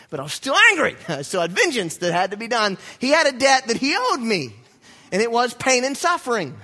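A young adult man, a pastor, telling a story in a sermon with animated, self-mocking humor. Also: fairly high pitch.

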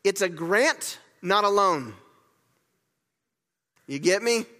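A man delivers a sermon in a high, bright voice, repeating key words and getting his congregation to join in. The sound carries a long reverb from the church hall around him. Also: takes it slowly. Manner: lively, repeats key words, leads the congregation in gestures and call-and-response. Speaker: pastor.

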